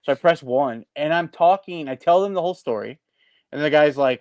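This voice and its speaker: A man co-hosts a casual podcast, telling a long story in an animated, rambling way and tripping over his own restarts. His voice sits a touch high. The sound is dry and close to the mic. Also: brisk, no echo. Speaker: podcast co-host. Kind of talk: casual chat.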